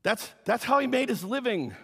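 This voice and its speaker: High-voiced, animated preaching man. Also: moderate pace, slightly rough. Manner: animated, acts out the story's characters. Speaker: pastor. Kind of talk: sermon. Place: church sanctuary. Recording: long hall reverb.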